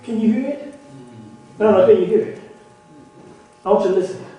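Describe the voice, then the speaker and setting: Man preaching a sermon, high voice, heard from across an echoing church hall. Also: fairly quick, slight background noise. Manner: call-and-response preaching, repeats words, builds to shouts. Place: church sanctuary. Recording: echoey church hall from far off.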